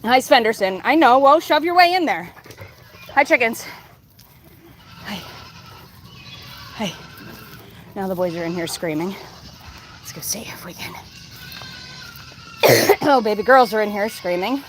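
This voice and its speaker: A woman with an animated, mid-range voice vlogs from outside on her farm, casually coaxing her animals in a sing-song way. She takes her time with long pauses, and there's slight background noise, including bleating goats.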